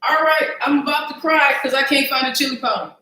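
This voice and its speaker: High-voiced chatty woman cooking host. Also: fairly quick, pushed and bright, roomy sound, slight background noise. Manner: chatty and self-mocking, talks to viewers while searching the spice shelf. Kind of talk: casual live cooking stream chat. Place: home kitchen.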